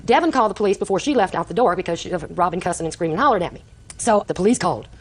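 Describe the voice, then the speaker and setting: Rapid-talking grandmother. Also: lowish voice, expressive, husky. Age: older. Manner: rapid, breathless storytelling, acting out quoted exchanges. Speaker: litigant. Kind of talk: courtroom testimony.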